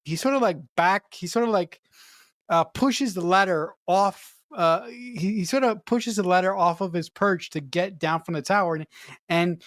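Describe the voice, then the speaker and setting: A podcast co-host excitedly retelling favorite film scenes, laughing and swearing along the way. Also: medium pitch, normal speed, dry recording, clean studio sound. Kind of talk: casual film review chat.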